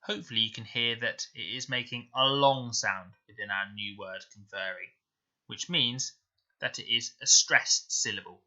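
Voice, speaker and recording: A man teaching a recorded spelling lesson to primary pupils, slowly sounding out words. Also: mid-range voice, bright, forceful tone. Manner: slow, clear, sounding out words deliberately. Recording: dull lo-fi home recording.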